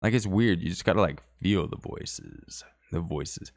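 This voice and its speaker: A man's voice: low voice, a little slow, gravelly, a little mellow. A man hosting a live stream, reading viewer comments in casual, rambling chat with joking, self-deprecating asides.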